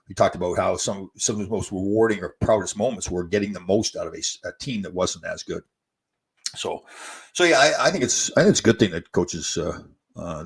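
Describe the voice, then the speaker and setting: A man in his sixties with a husky, low voice hosts a relaxed live stream. He reads viewer questions aloud and answers with chatty, meandering stories. His delivery is loose and conversational. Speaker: host.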